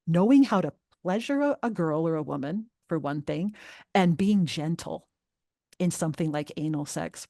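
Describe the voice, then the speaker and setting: Emphatic middle-aged woman, low dry voice. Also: no echo. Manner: earnest, emphatic, animated when upset. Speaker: guest expert on parenting. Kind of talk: podcast interview.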